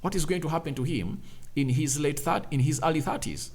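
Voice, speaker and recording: A man's voice: a little high, fairly quick, darkish tone, husky. Emphatic man giving football opinions. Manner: emphatic, rhetorical questions, repeats phrases. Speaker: football channel host. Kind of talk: opinionated fan commentary.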